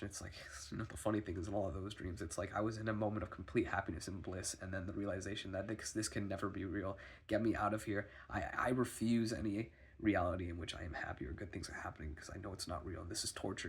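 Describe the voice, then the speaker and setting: A man's voice: low-pitched, steady tone, fast, slightly rough. A sick man rambling anxiously in a personal video diary, stumbling and restarting often, swearing. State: sick, foggy. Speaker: vlogger.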